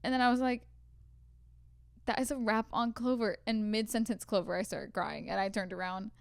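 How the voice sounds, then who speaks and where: A woman's voice: a little high, fairly even intonation, normal speed, vocal fry, dry recording, clean studio sound. A young woman co-hosting a podcast, telling stories from a film set in casual chat, full of "like" fillers. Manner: chatty storyteller, many "like" fillers. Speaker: podcast co-host.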